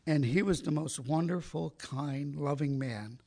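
A man shares his recovery testimony in a gravelly, slightly husky voice, pitched a little above the usual male range. He talks candidly and swears freely, circling back with fillers and restarts as he goes. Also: measured pace, a little mellow. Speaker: recovering alcoholic sharing his story.

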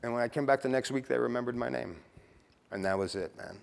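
A man's voice: medium pitch, fast talker, gravelly, big-room sound. A middle-aged man sharing his recovery story at a meeting, blunt and casual, swearing and tossing in "you know" and "right.".

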